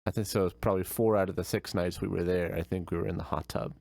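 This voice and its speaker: A man's voice: deep voice, steady tone, quick pace, gravelly, a little mellow, no room sound. A young man streamer telling a vacation story in casual, rambling chat with many fillers.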